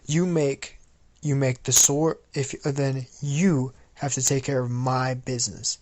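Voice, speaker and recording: A man's voice: mid-range voice, level tone, slow, darkish tone, natural voice. A man voicing a proud young inventor who answers with curt, cold defiance in an improvised fan story. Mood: cold, defiant.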